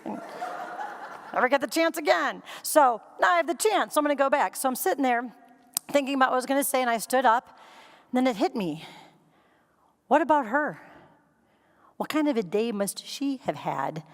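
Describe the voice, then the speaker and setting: High-voiced woman telling a comic keynote story. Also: normal speed, pauses often. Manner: animated, acts out scenes and quotes. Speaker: keynote speaker. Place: conference stage before a live audience.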